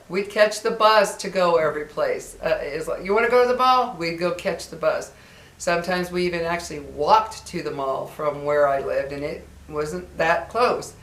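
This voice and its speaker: Older woman vlogger, chatty storyteller, records in a roomy, echoey space. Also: deep voice. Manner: chatty and reminiscing, acts out quoted voices. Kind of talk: casual chat to viewers.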